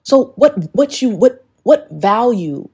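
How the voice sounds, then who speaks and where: A woman's voice: medium pitch, expressive, moderate pace, dark tone, breathy edge. A woman hosting a casual spiritual podcast, talking emphatically with plenty of swearing and often breaking into song lyrics. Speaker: podcast host.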